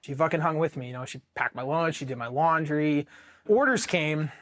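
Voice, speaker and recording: A man from Ohio, a Marine veteran, tells his story bluntly and swears freely. His voice sits a little high for a man, and he speaks as a candid, animated storyteller. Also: moderate pace.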